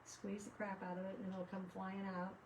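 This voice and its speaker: A woman's voice: medium pitch, completely flat delivery, fairly quick, darkish tone, a little hiss or hum. Chatty woman talking from a distance. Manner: rambling, chatty, with frequent restarts. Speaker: craft vlogger. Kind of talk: casual chat while crafting. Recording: voice picked up from a distance.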